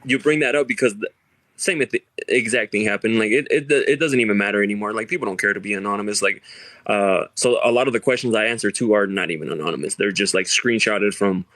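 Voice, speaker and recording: A man's voice: on the low side, quick pace, a bit bright, no room sound. A young man hosting a casual chat, telling stories loosely with lots of filler words and laughter. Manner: laid-back storytelling, heavy filler words, frequent laughs. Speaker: podcast host.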